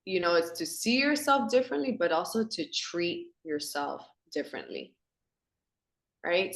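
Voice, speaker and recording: A woman hosts a spiritual women's circle, speaking earnestly and fondly to the group. She often says "like" and lifts into animated voices when she gets excited. Her mid-pitched voice comes through a phone in an echoey room. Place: home in Miami.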